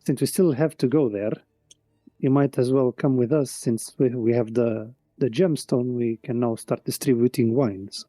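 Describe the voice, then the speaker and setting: A man narrating as game master, talking casually with frequent pauses and restarts. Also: medium pitch, no echo. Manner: relaxed, with frequent ums and restarts.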